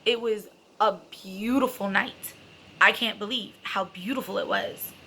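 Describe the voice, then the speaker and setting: A woman's voice: medium pitch, unhurried, pushed and bright, slight background noise. A young adult woman telling a personal story in a casual, emotional way, swearing freely and filling her talk with "like" and "you know". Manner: emotional, candid, swears freely, heavy fillers.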